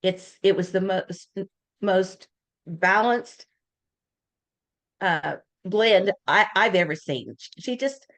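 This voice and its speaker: At an informal talk, an older woman guest shares casual, animated anecdotes, bringing each to life by acting out the voices of the people she quotes. She speaks at medium pitch, slowly, with long pauses.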